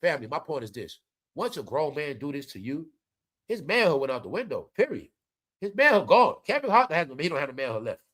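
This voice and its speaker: A man giving animated, slangy casual commentary, often turning to his viewers. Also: on the high side, a little fast. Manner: animated, slangy, keeps addressing the audience. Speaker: commentary vlogger.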